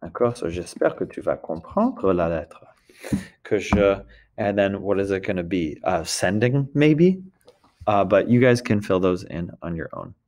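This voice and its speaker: A man's voice: low voice, animated, unhurried, a little mellow. A man teaching a recorded French lesson, explaining step by step and often checking in with the class.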